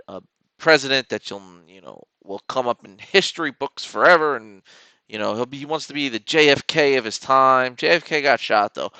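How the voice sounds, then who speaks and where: Male trading streamer, casual joking rambler; crisp, gravelly tone. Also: medium pitch, pushed and bright, no echo. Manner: joking, rambling, talks to the chart. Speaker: stock trading livestream host.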